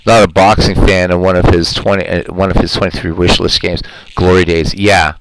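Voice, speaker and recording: Low-voiced earnest male stream host. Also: flat delivery, moderate pace, noisy background. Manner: earnest, rambling, heartfelt; reads and answers viewer chat. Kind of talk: casual live-stream chat.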